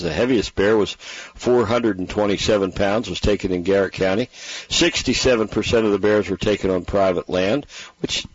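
A man's voice: on the low side, husky, dry recording. A middle-aged man, hosting a radio show in a folksy, rambling way while congested from bronchitis. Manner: folksy, rambling, with many fillers. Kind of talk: casual radio talk. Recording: dull, muffled radio broadcast.

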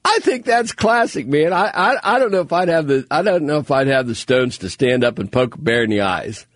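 A man hosting a call-in radio show in a studio, chatting and telling stories in an animated, offhand way. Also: fairly high pitch, brisk, no echo. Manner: chatty, animated storytelling with asides. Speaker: radio talk show host. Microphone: studio microphone.

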